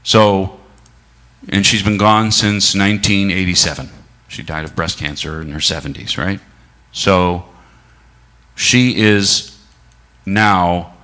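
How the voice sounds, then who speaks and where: Deep-voiced and sharp in tone, a middle-aged man delivers a reflective church sermon at an unhurried pace. He poses many rhetorical questions to the congregation and slows for emphasis.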